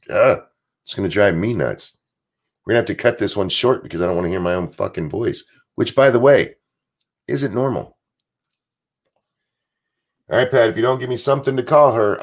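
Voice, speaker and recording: A man with a strained, hoarse voice, ranting casually as host of a live stream and reading out viewer messages. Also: fairly low pitch, fairly quick. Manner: blunt, rambling, reads out viewer messages. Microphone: desk mic.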